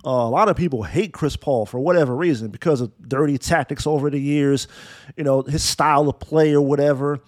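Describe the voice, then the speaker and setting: A man's voice: on the high side, a little fast, a little mellow, no echo. A man hosting a casual sports talk show, ranting bluntly and sarcastically, with swearing and frequent restarts. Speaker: basketball podcast host. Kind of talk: casual opinionated sports rant.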